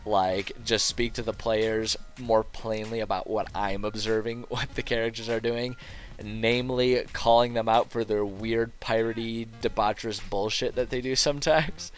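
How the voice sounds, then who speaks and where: A man's voice: fairly low pitch, smooth. A male streamer and game master chatting casually as he builds a world, rambling, joking at his own expense and swearing now and then.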